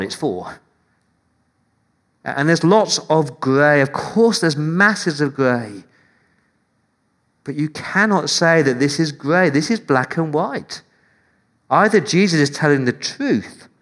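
A man preaching a sermon to his church, driving points home with rhetorical repetition and swinging between loud declarations and hushed, intimate passages. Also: medium pitch.

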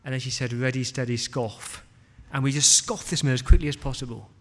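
A male preacher retelling a scripture story in the first person as a child eyewitness, with dramatic pauses. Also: medium pitch. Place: church hall. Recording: long hall reverb.

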